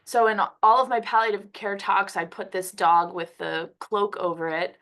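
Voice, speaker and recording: A woman's voice: mid-range voice, steady tone, moderate pace, fairly bright tone. A woman from Philadelphia, a physician who has a cold, giving a conversational webinar lecture over a computer mic. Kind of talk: webinar presentation.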